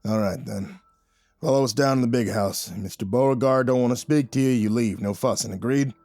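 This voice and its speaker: Male narrator voicing a hulking ranch hand; blunt, suspicious, mid-pitched, dry. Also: a little fast, mellow, dry recording, close to an everyday voice. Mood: grudging. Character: big tough cowboy guard, wary.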